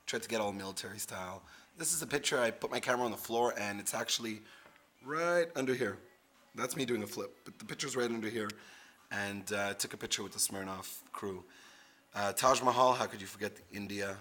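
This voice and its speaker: A man's voice: on the low side, sharp tone. A man hosting a casual vlog, rambling through travel photos and repeating words. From Canada. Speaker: host.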